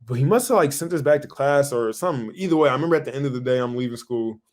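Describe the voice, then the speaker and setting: Young man, podcast co-host, casual storytelling, animated, cursing, mid-pitched voice. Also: racing. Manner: animated, swears a lot, acts out his own past lines.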